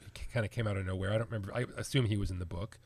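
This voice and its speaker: A man's voice: lowish voice, steady tone, rapid-fire, a little mellow. A man co-hosting a podcast, talking casually and animatedly, laughing easily. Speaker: podcast co-host. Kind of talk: casual chat.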